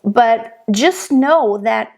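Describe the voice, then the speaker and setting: Slow German-accented woman singing teacher. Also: fairly high pitch, animated, creaky, darkish tone. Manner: explains slowly, models pronunciation aloud. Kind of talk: diction lesson.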